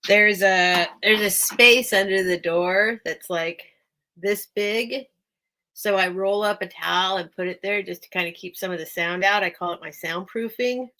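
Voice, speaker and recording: Woman, live-stream sale host, chatty, distracted, laughs a lot, slow-paced, small room at home. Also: medium pitch, bright, forceful tone. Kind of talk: casual live-stream selling chat. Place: small room at home with a towel under the door.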